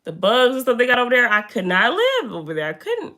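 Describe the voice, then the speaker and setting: Bright-voiced young woman streamer. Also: on the high side, fast talker. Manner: chatty, animated, talks to viewers by name. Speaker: livestreamer. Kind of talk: casual live-stream chat. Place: indoor room.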